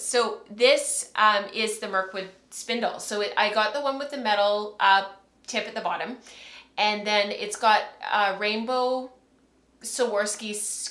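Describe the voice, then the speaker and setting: A woman in her thirties chats on a livestream from home, rambling along and laughing easily as she talks to the camera. Her voice is bright and clear, and the room around her adds a noticeable echo. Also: mid-range voice. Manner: chatty, rambling, laughs often. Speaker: podcast host. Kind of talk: casual livestream chat.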